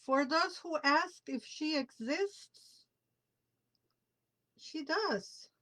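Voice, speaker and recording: A woman's voice: high voice, expressive, very slow, bright, forceful tone, rough recording. A woman whose first language is Spanish, hosting a live tarot show in casual chat, greeting viewers by name and dropping Spanish words into her English.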